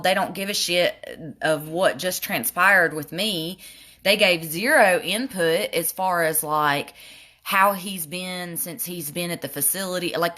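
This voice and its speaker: A young woman doing a makeup tutorial at home, telling a frustrated, animated story with swearing. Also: fairly low pitch. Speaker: beauty vlogger.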